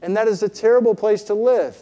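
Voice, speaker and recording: A man's voice: high-pitched, a little fast, mellow. A man preaching a sermon as a pastor, earnest and rhetorical, often checking in with the congregation with "right?".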